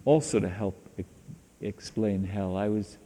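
A man giving a spiritual teaching talk, telling stories in a slow, deliberate way, in an echoey hall. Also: lowish voice, dark tone, slight background noise.

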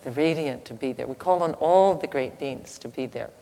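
Low, gravelly woman teaching in a hall. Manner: slow, halting, soft-spoken. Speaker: spiritual teacher. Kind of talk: devotional teaching with a story. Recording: echoey hall, faint ambient noise.

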